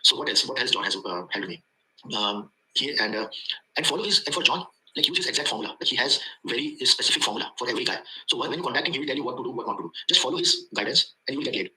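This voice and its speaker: A man's voice: medium pitch, lively intonation, racing, pushed and bright, low-quality recording. A man with an Indian accent giving a rambling testimonial, repeating himself and filling gaps with "uh" as he speaks English as a second language. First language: not English. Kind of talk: casual testimonial.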